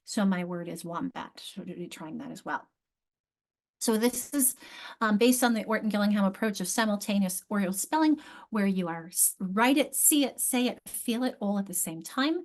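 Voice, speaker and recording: A woman's voice: medium pitch, animated, normal speed. A woman leading an online teacher training, explaining spelling steps and often correcting herself mid-sentence. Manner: explanatory, self-correcting with frequent restarts.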